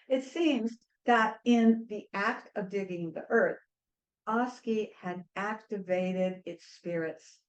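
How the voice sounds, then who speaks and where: A woman author giving an academic book talk in a measured, earnest way, with small restarts now and then. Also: mid-range voice, lo-fi sound. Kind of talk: academic lecture.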